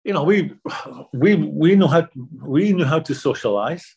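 Older man with a husky voice. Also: fairly high pitch, lively intonation, normal speed, darkish tone. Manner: anecdotal, self-deprecating, repeats words when starting. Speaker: guest. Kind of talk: relaxed storytelling interview.

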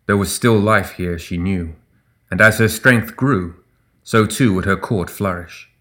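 A man reading fantasy fiction aloud in an audiobook. His voice sits on the low side, and his delivery stays steady and measured. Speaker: audiobook narrator. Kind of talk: scripted fantasy narration.

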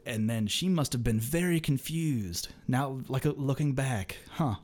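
A man tells an animated story on a casual podcast, swearing freely and breaking into laughter. His voice sits at an ordinary middle pitch. He acts out the people in his story as he goes. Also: measured pace.

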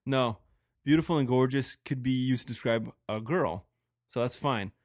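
A man's voice: medium pitch, moderate pace, no room sound. Joking, foul-mouthed man, dry sound. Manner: joking, profane, teasing. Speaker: podcast co-host. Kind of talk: casual chat.

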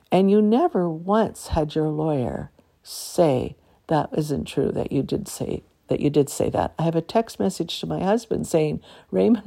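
Husky, gravelly older woman, low and mellow. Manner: rambling, aggrieved, with many restarts. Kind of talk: personal monologue.

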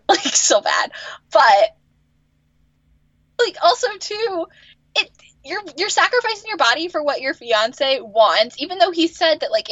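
A woman co-hosts a casual podcast chat, sounding exasperated and swearing as she vents. Her pitch swings widely. Her voice sounds dry but slightly dull and lo-fi. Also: a bit bright, no echo. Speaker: podcast co-host. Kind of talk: casual chat recapping a TV episode.

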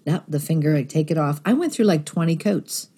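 A woman's voice: sits low, lively intonation, a little fast, mellow, breathy edge. A woman sharing a personal faith testimony in an earnest storytelling manner, acting out the thoughts she quotes.

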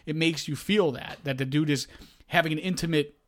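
A man's voice: fairly high pitch, a little fast. A man co-hosting a casual comedy podcast, teasing and prodding his co-host along.

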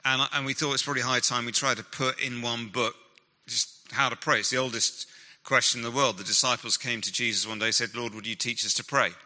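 Bright-voiced man on a hall stage. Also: mid-range voice, steady tone. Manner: enthusiastic storyteller, quick asides and impressions. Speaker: guest author and Christian leader. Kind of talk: animated talk to a live audience. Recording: long hall reverb.

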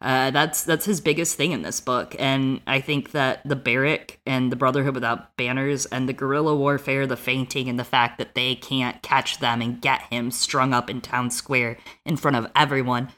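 A woman's voice: rumbling low, fairly even intonation, normal speed, hardly any pauses, fairly bright tone. A woman co-hosting a podcast, chatting casually about a book, laughing and swearing easily. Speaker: podcast co-host.

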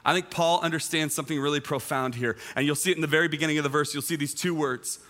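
Bright-voiced man preaching a sermon. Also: on the high side, fairly even intonation, fast talker. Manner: earnest, repeats key phrases for emphasis. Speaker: teaching pastor. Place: church auditorium, also streamed online.

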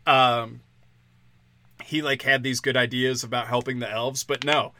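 A man's voice: mid-range voice, fairly even intonation, measured pace, pushed and bright, no room sound. A man ranting on a podcast in a crude, sardonic, profane way, mocking as he goes. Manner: mocking, slips into sarcastic quoted voices. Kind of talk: casual podcast rant.

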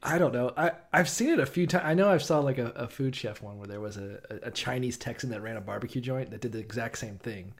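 A man's voice: mid-range voice, fast, vocal fry, hardly any pauses. A man co-hosting a casual comedic chat, swearing often and jumping into goofy voices.

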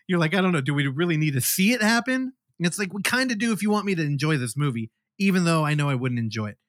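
A man co-hosting a podcast, chatting casually about horror films, animated and swearing freely. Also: fairly high pitch, quick pace, no echo, clean studio sound. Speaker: podcast co-host.

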